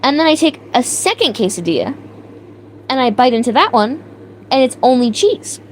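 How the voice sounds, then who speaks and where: Animated young woman telling a story to live chat. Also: sits high, normal speed, a little hiss or hum, poor audio. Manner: animated, exaggerated outrage, laughing, reads chat names aloud. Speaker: livestream host.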